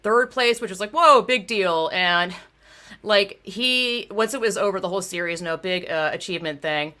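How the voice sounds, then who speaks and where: Woman, young adult, crisp bright voice, blunt, swears a lot, casual podcast host. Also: medium pitch, normal speed. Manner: blunt, profane, swings into outraged rants.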